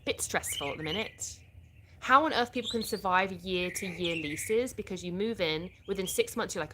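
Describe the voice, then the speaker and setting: A woman's voice: fairly low pitch, lively intonation, normal speed. British lady chatting on a phone livestream, answering comments, noisy background. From United Kingdom. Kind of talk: casual livestream chat.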